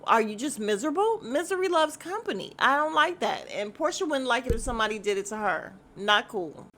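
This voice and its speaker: Woman host, casual podcast chat: blunt, profane, animated, with a sharp, slightly high voice. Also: brisk, a little hiss or hum. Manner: animated, mimics voices of others in quotes. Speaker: podcast host recapping a reality show.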